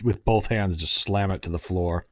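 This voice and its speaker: A man's voice: deep voice, fairly even intonation, moderate pace. A man co-hosting a casual podcast chat, joking in a laid-back way. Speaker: podcast co-host.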